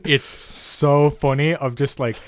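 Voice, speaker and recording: A man's voice: mid-range voice, fairly even intonation, slow pace, a little hiss or hum. A young man co-hosting a podcast, talking hesitantly with frequent restarts and laughter. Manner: hesitant, stumbling, laughs often. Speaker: podcast co-host. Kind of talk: casual chat.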